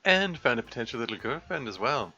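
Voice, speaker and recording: A man's voice: mid-range voice, very animated, brisk, sharp tone, dull audio, faint music behind, pitched above the performer's own voice. A man with an attempted Yorkshire accent voicing a teasing, sarcastic older brother while reading a visual novel aloud.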